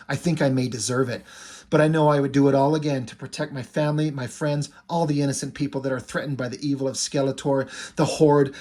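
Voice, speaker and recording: A man voicing a weary, tormented male hero warrior, speaking a quiet, brooding inner monologue in a husky voice. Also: mid-range voice, close to an everyday voice.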